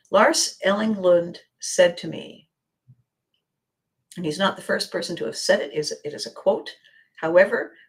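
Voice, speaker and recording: Slow, dramatic woman podcast host. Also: lowish voice. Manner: slow, deliberate, dramatic pauses dropping to near-whispers. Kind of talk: reflective motivational monologue.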